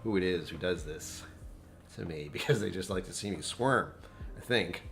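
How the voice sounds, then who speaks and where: A middle-aged man with a deep, low voice, chatting loosely on a home live stream. He rambles, pokes fun at himself and laughs a lot. A faint hum of room noise sits behind him. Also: moderate pace, creaky, fairly bright tone. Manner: rambling, self-deprecating, laughs often. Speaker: whiskey channel host. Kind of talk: casual live-stream chat.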